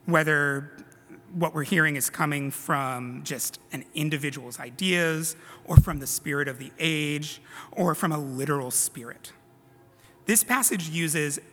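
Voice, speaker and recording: Bright-voiced man preaching in a reverberant hall. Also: fairly high pitch, unhurried, soft background music. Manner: conversational, self-deprecating asides. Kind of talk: sermon. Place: church sanctuary.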